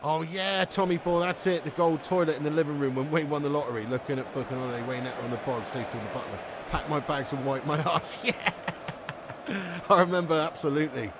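Reading his chat during a football livestream, this man swears, laughs a lot, and rambles in loose banter with viewers. His voice is fairly high and quick, with some background noise behind it.

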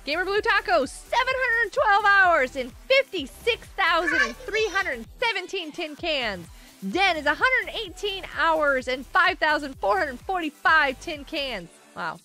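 Giggly woman streamer, high lively voice, bright, some music playing behind. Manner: chatty, giggly, reads chat aloud. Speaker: livestream host. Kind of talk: casual gaming livestream chat.

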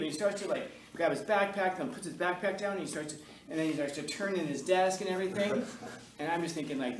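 A middle-aged male high school teacher leading a class discussion and telling a story, animated, laughing, and acting out voices. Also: fast talker, noisy background. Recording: echoey classroom from far off, faint ambience.

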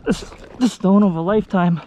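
Excited high-voiced man on a windy kayak. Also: quick pace. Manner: awestruck, exclaiming and swearing. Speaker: kayak angler filming his catch. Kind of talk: excited fishing vlog. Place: on a kayak on open ocean. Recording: noisy outdoor camera audio with wind and water.

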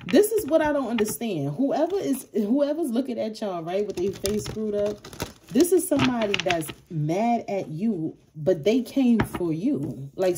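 Low-voiced woman reading tarot, profane and blunt. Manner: blunt, profane, chuckles nervously. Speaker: tarot reader. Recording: audible background noise.

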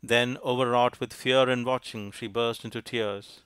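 A man narrating a storybook in a measured, even reading. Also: mid-range voice, clear, resonant tone, dry recording. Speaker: audiobook narrator.

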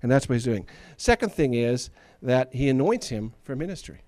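A man preaching a relaxed, joking sermon that sounds like everyday talk, his pitch sitting in a middle range. The sound is dry and close, with no room echo. He often slips into acting out the people he is talking about. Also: moderate pace. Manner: conversational and joking, acts out Bible figures. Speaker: pastor.

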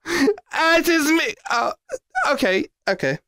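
A man's voice: extremely high pitch, very animated, slow, background noise, exaggerated voice. A man voicing a pompous, whiny old king and father in improvised comedy role-play, speaking theatrically. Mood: panicked wailing. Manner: theatrical, melodramatic wailing.

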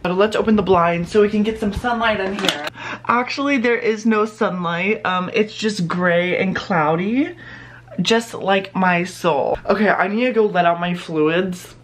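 A man's voice: high-pitched, measured pace, fairly bright tone, a little hiss or hum. A young man filming a casual vlog at home in his bedroom and bathroom, talking in a sarcastic, self-mocking and dramatic way. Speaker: vlogger.

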